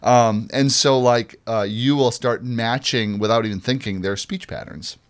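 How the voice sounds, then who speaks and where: A man's voice: mid-range voice, steady tone, a little slow. A man from Minnesota hosting an interview show, talking in a chatty, rambling way with many restarts. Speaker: show host. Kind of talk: casual interview chat.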